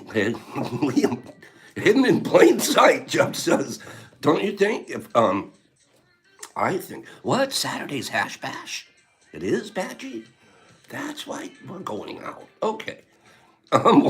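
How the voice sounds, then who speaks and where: A man hosting a casual livestream, rambling and teasing as he reads viewer comments, laughing often. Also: a little high. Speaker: livestream host.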